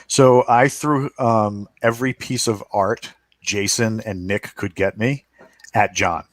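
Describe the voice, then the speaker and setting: A man on a podcast panel, talking casually and filling pauses with lots of uh and um. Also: on the low side, fairly even intonation, no room sound. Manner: rambling with frequent uh and um fillers.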